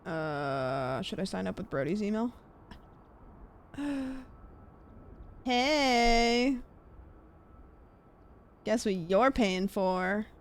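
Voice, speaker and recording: A young woman streamer chatting casually while gaming, rambling with lots of fillers and trailing off quietly. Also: fairly low pitch, slow pace, a little hiss or hum.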